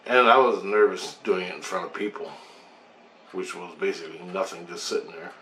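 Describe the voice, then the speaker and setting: A man's voice: deep voice, brisk, pushed and bright. A man casually telling a personal story in a loose, rambling way, with swearing and asides. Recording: roomy echo, faint background hum.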